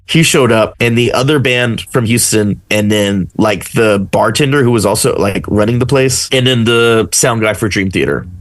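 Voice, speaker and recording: A man's voice: on the low side, normal speed, hardly any pauses, no echo. Rambling man telling road stories. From Texas, USA. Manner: animated, rambling, acts out quotes. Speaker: guest musician. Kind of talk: casual storytelling.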